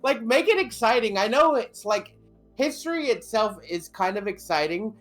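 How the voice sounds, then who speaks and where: A man's voice: sits high, animated, normal speed, fairly bright tone, faint music behind. Rambling, laughing guy podcasting. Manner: rambling, profane, laughs a lot. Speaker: podcast co-host. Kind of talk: casual chat.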